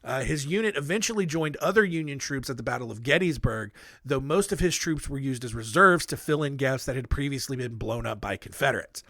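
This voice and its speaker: A man's voice: mid-range voice, expressive, brisk, pushed and bright, no room sound, clean studio sound. A man hosting a podcast, telling history stories in a casual, rambling way with joking asides and lots of fillers. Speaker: podcast host. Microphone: studio microphone.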